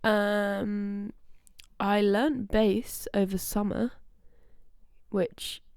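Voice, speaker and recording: A woman's voice: medium pitch, fairly even intonation, very slow, darkish tone, clean tone, no echo, clean studio sound. A young woman co-hosting a podcast, chatting casually with lots of fillers and self-corrections. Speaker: podcast co-host. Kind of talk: casual chat.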